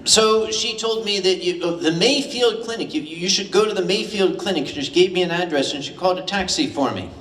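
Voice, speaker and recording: Older American raconteur, high and animated, wry and salty, caught from the back of an echoey hall. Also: male voice, brisk, hardly any pauses, distant mic. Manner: animated, wry, profane humor. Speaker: storyteller at a live convention event. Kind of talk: live comedic storytelling. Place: large convention hall with audience.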